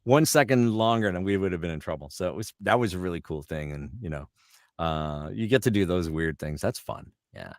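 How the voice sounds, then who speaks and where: A middle-aged voice actor telling lively anecdotes as an interview guest. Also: male voice, low voice, no echo, studio quality. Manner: lively, fast-moving anecdotes. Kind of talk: anecdotal storytelling.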